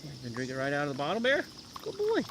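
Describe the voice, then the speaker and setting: A man's voice: on the high side, very animated, racing, background noise. A man hosting a casual livestream outdoors, chatting to viewers and cooing at his dog in a lighter sing-song voice. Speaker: livestream host. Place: outdoors in the shade by a pool. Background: faint outdoor sounds and geese.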